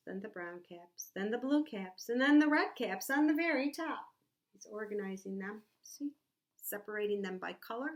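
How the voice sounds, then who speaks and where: A woman teacher reading a picture book aloud to young children, animated and asking them questions. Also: fairly high pitch. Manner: animated, asks the listener questions. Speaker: preschool teacher.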